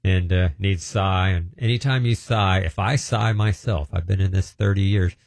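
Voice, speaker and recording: A middle-aged minister telling a long, meandering testimony and often breaking off mid-sentence. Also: male voice, deep voice, fairly even intonation, moderate pace, gravelly, darkish tone, no echo. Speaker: deliverance minister. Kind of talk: rambling testimony storytelling.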